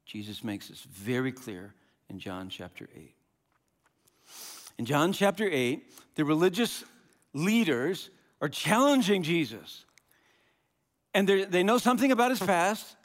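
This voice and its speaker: A man preaching a sermon as pastor, animated and conversational, often restarting and repeating words. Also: on the high side, a little slow, pauses often. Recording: long hall reverb.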